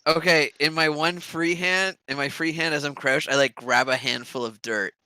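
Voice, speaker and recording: A man playing a tabletop role-playing game over voice chat, eager and excitable. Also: fairly high pitch, normal speed, clean tone, no echo. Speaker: player.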